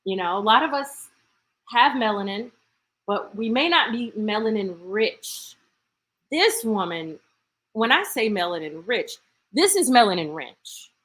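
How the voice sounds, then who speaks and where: A woman's voice: medium pitch, sing-song, unhurried, a bit bright. A woman hosting a live stream, talking casually and playfully to her viewers and thinking aloud as she goes.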